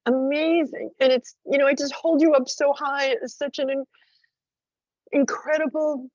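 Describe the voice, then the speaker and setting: A woman's voice: high voice, flat delivery, normal speed, darkish tone, dry recording, lo-fi sound. Tearful woman gushing over a video call. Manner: gushing, rambling with many fillers. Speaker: friend calling in. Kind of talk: emotional heartfelt tribute.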